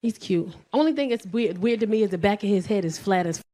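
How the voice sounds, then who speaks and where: A brash woman in her forties with a New York accent, telling a profane stand-up set with loud bursts. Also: medium pitch, animated, a little fast. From South Bronx, New York. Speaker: stand-up comedian.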